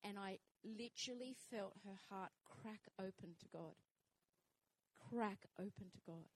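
A woman's voice: medium pitch, a little slow, no echo, low-quality recording. A woman minister preaching a sermon, fervent and repetitive, building up to strong declarations. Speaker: minister and fitness trainer.

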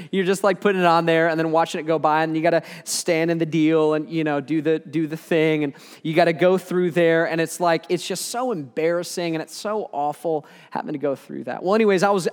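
A man delivers a sermon in a casual, storytelling manner, joking with the crowd as he goes. His voice sits a little higher than most men's. The sound carries a long hall reverb, as if from a large church auditorium. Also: smooth. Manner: conversational storytelling with humor. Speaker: preacher.

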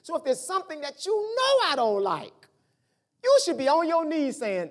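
A man's voice: very high-pitched, wildly swooping pitch, moderate pace. A male pastor giving a conversational, folksy sermon, acting out little dialogues as he goes.

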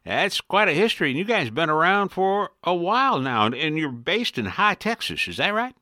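A man's voice: high-pitched, moderate pace, dry recording, studio quality. A man hosting a podcast, chatting in a folksy, upbeat way as he introduces and interviews a guest. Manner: folksy, upbeat, lively intonation. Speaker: podcast host.

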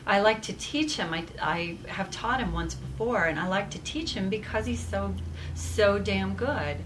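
A woman's voice: medium pitch, a little slow, fairly bright tone, a little hiss or hum, low-quality recording. A woman with a Midwestern American accent, co-hosting a live panel, speaking with emphatic enthusiasm. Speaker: guest co-host and author. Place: convention room.

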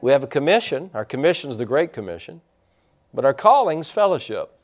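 Lively, animated male pastor preaching. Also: medium pitch, brisk. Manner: folksy, rambling, with asides to the congregation. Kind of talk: sermon. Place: church sanctuary with a congregation.

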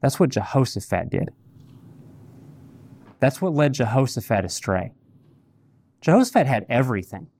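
A man's voice: mid-range voice, very animated, normal speed, pauses often, darkish tone, dry recording. A man preaching a sermon, telling a personal story candidly and repeating key phrases for weight. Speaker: pastor.

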